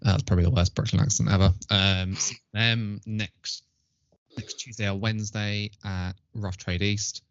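A man co-hosting a podcast in casual chat, relaxed and self-deprecating. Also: deep voice, no room sound. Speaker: podcast co-host. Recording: dull lo-fi audio.

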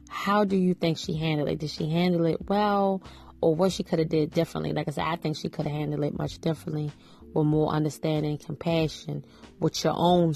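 A woman's voice: low-pitched, vocal fry, a little mellow. A woman hosting a podcast, giving casual opinions on a reality show in a chatty way, full of "you know" fillers. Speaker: podcast host.

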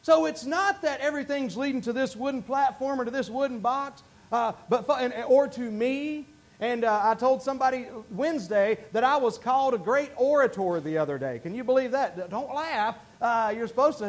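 Folksy Southern preacher, high voice. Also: male voice, brisk. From North Carolina. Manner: folksy, self-deprecating, animated with many restarts. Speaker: pastor. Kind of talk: sermon. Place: church sanctuary.

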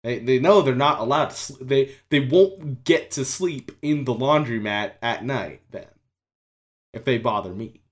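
A young man in casual chat, rambling through stories with swearing and quick asides. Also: medium pitch.

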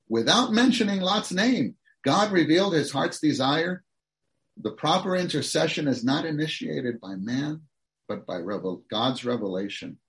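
A man's voice: fairly high pitch, fairly bright tone. A man preaching a sermon, reading outline points aloud and then expounding earnestly to the congregation.

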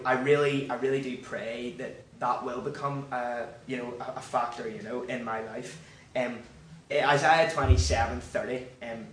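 A man's voice: medium pitch, a bit bright. A young man preaches an informal sermon, stumbling through restarts and constant filler phrases in an earnest, encouraging way. His voice rings around a roomy hall from some distance off the mic. A faint hum of background noise sits underneath. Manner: halting, full of 'you know' fillers and restarts. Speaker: church speaker.

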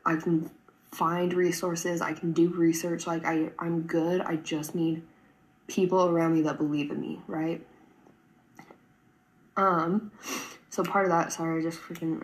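A woman's voice: on the low side, flat delivery, normal speed, low-quality recording. A woman in her twenties talking earnestly to camera in a personal vlog, rambling, with frequent "like" and "right?". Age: 20s. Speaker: vlogger.

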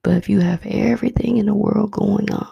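A woman's voice: medium pitch, fairly even intonation, a little fast, gravelly, dull audio. A woman giving an earnest, conversational devotional talk, often repeating her points. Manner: earnest, repetitive, conversational preaching. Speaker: preacher. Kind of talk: devotional teaching.

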